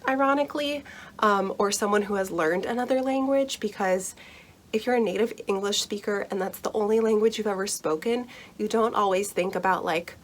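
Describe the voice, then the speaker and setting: A young woman talks through the basics in a relaxed, chatty vlog voice of middling pitch, reassuring and quick to laugh. A faint hiss sits under the recording. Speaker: book vlogger explaining Shakespeare. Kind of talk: casual explainer vlog.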